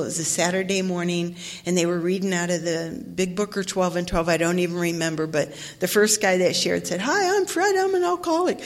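A woman's voice: lowish voice, a bit bright. Laughing, self-mocking woman telling her story. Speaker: speaker at a recovery meeting. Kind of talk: personal testimony, storytelling.

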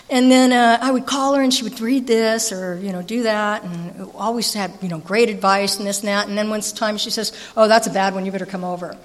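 Woman rattling off a story fast, kinda high voice, big hall echo. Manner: fast-talking, animated, self-mocking. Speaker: speaker sharing recovery story. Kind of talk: storytelling talk. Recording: long hall reverb.

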